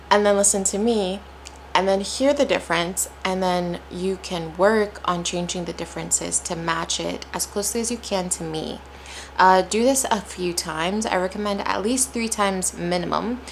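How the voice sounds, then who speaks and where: An American woman teaching English pronunciation, modeling words slowly and breaking syllables apart. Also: medium pitch, a little hiss or hum. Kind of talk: slow, deliberate pronunciation lesson.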